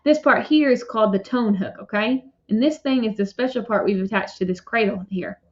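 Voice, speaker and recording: A woman's voice: fairly high pitch, fairly quick, lightly acted. Lady putting on a chatty upbeat doctor guy, reassuring, muffled lo-fi audio. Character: friendly, chatty male ear doctor. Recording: dull lo-fi recording.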